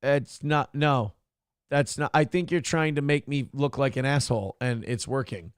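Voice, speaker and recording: A man's voice: mid-range voice, moderate pace, clean tone, no echo, studio quality. A man hosting a morning show, chatting casually, reading viewer comments, and swearing and joking at his own expense. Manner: profane, joking, self-mocking rants.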